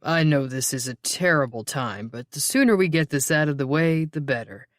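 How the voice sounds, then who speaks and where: A puffy middle-aged detective, voiced by the audiobook narrator, calm and courteous. He asks questions slowly and politely. Dry, close recording. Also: mid-range voice, no room sound, close to an everyday voice. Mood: probing.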